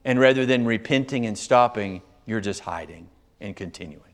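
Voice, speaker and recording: A pastor with a lowish voice preaches a sermon at a normal pace, reading scripture verses aloud and explaining them. He is emphatic, his volume rising and falling.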